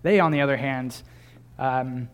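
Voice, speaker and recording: A man's voice: medium pitch, measured pace, smooth. Young man giving a casual sermon. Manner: conversational, with small laughs and restarts. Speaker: pastor.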